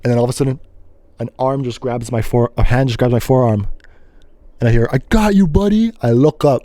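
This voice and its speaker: A young man tells a rambling story on his solo podcast, animated and breaking into loud yelps and snatches of song. His voice is warm and dark. The sound is dry and close, with no room around it. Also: medium pitch, a little fast, dry recording. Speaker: host.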